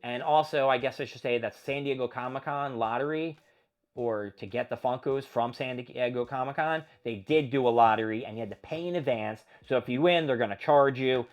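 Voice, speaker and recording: A man's voice: medium pitch, a little fast. A man hosting a solo show, venting in a profane, exasperated rant. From Philadelphia area. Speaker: podcast host. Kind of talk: ranting solo monologue.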